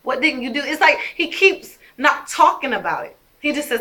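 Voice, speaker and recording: A woman's voice: sits high, very animated, normal speed, pushed and bright. A woman telling her own story to her viewers, emphatic and indignant as she picks apart messages. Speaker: vlogger. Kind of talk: personal storytelling to camera.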